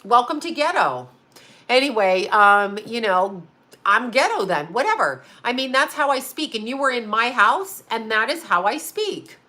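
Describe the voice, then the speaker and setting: A woman in her fifties chats bluntly and profanely, breaking into laughter often. Her voice sits a little high and has a bright, sharp edge. She talks off the cuff, like a host speaking straight to her viewers. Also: sing-song, normal speed. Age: 50s. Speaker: psychic medium and astrologer. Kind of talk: casual livestream chat.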